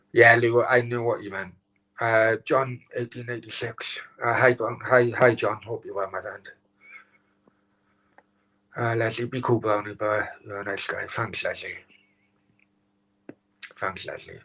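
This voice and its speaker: A man hosting his own live stream, upset and close to tears, talking haltingly with many restarts and some swearing. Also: on the low side, sharp tone, poor audio. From Wales. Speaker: channel host.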